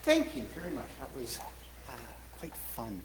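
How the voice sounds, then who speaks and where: An event host at a church hall concert, speaking in a relaxed, halting way with fillers. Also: medium pitch, noisy background. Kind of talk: casual event hosting.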